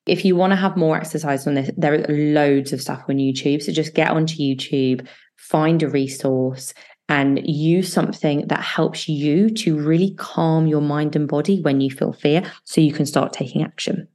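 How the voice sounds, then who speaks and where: A woman with a low voice hosts a solo self-help podcast. She speaks as a coach, calm and reassuring. She slows right down to guide breathing exercises.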